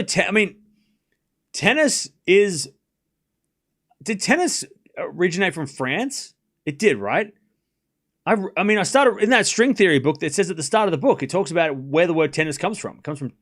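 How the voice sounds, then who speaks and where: A man live-streaming tennis, his voice sitting a bit high and bouncing up and down a lot. He calls points in quick bursts, then drifts into rambling asides, chuckling and correcting himself as he goes. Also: sing-song, fairly bright tone. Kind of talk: casual live-stream play-by-play and chat.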